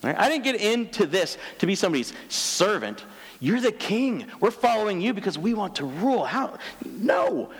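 A preacher putting on brash eager disciples. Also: male voice, sits high, sing-song, moderate pace, fairly bright tone, husky, voice pushed up, full character voice. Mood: protesting. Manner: brash, pleading, indignant, wheedling. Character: eager ambitious male disciples, brash and pushy. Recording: long hall reverb.

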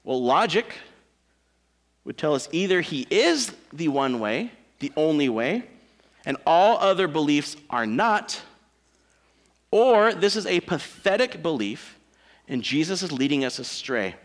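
Man, pastor, sermon, emphatic, dramatic pauses, slightly high voice. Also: sing-song. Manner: emphatic preaching with dramatic pauses and shifts in volume.

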